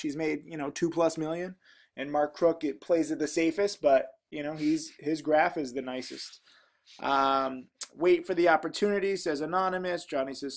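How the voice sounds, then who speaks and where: A man hosting his channel, chatting casually and reading viewer comments aloud, rambling with frequent ums and asides. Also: a little high. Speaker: trading educator, channel host.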